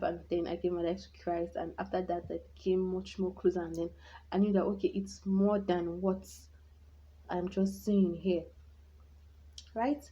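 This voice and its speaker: Woman with a mellow, muffled voice. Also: lowish voice. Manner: candid, reflective, rambling with frequent restarts. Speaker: vlogger. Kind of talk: personal storytelling vlog. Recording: dull lo-fi sound.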